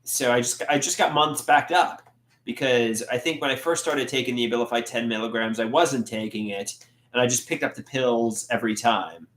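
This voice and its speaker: A man's voice: medium pitch, moderate pace, fairly bright tone. A man chatting casually on a livestream and reading out comments, often stammering and repeating his words. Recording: echoey room.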